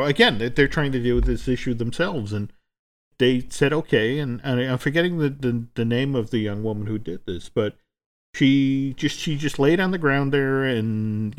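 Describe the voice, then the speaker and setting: A man co-hosting a chat show, telling a story at length in a halting, conversational way with many restarts. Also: mid-range voice. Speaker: podcast co-host. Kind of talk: casual chat.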